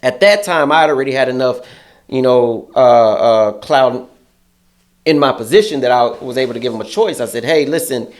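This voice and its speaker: Brisk and animated, a man with a medium-pitched voice tells a story as an interview guest. His speech is laid-back and profane, and he voices other people's words in a loud, heated way.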